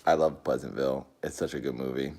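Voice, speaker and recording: Low-voiced man chatting on a live stream. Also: fairly even intonation, fast talker, a little mellow. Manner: rambling, talks to chat, jumpy outbursts. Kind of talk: casual live-stream chat.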